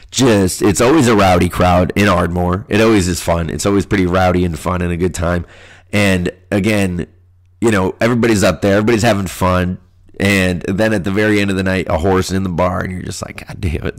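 A young man hosting a podcast, talking in a loose, rambling, profane monologue. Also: on the low side. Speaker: podcast host. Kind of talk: casual monologue.

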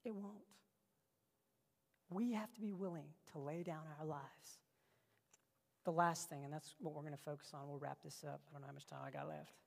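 A man preaching a sermon, telling stories with passion and swinging between loud bursts and hushed lines. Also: a little high, fairly even intonation, a little fast, gravelly. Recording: long reverb of a large hall.

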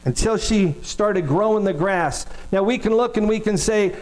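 A man's voice: sits high, normal speed, darkish tone, poor audio. A middle-aged man preaching a sermon as pastor, telling stories in a conversational way and asking the congregation questions.

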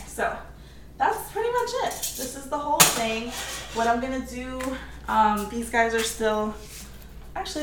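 A woman's voice: on the high side, background noise. A chatty woman talks her way through cooking at home and laughs easily as she goes. Her voice rings around a hard, echoey kitchen. Pots and pans clatter faintly in the background. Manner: chatty, laughs often, reads out viewer comments. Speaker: home cook live-streaming. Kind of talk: casual cooking stream chat.

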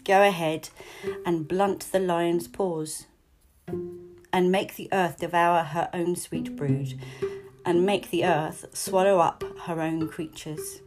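Unhurried woman, low voice, talking through a sonnet as a teacher over guitar music. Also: fairly even intonation. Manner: chatty, stops to explain and rephrase. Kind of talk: poetry lesson with readings and paraphrase.

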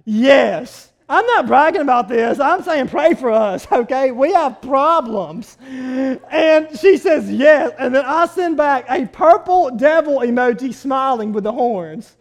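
A pastor tells a story during his sermon, animated and lurching from loud outbursts to quiet asides. He's a man with a very high voice, and he speaks slowly.

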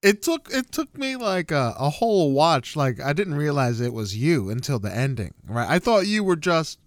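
Excitable young dude on a podcast, kinda high voice that jumps around a lot, dry mic. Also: male voice, moderate pace, dry recording. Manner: excitable, animated, slangy, says bro. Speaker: podcast co-host. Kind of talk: casual podcast chat.

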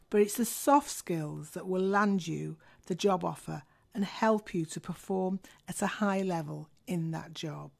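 A woman, a former hiring manager, giving a clear, methodical lesson on workplace skills. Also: fairly low pitch, a little mellow. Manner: clear, measured, methodical delivery. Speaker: career coach. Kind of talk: instructional talk.

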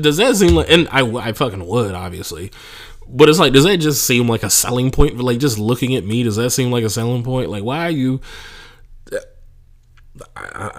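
A young adult man hosting a podcast, telling comedy stories in a casual, profane way and mocking people he imitates. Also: mid-range voice. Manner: profane, animated storytelling with mocking impressions. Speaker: podcast host, stand-up comedian. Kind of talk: casual monologue.

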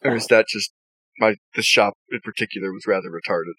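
A man's voice: lowish voice, fairly quick, pushed and bright, husky, dry recording, rough recording. A man hosting a podcast, telling crude stories with lots of swearing and laughter. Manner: profane, laughing storyteller. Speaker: podcast host. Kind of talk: crude casual chat. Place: south of the US.

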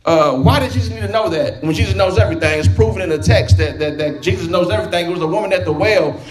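Male preacher, high voice, folksy conversational sermon, echoing room. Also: quick pace. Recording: roomy hall with music behind.

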